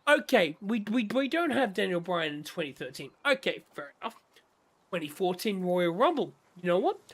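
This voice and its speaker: Speaking at an ordinary pace in a high-pitched voice, a man goes on an impassioned wrestling tirade on a laid-back game stream. He plays out other people's reactions with excited mimicry.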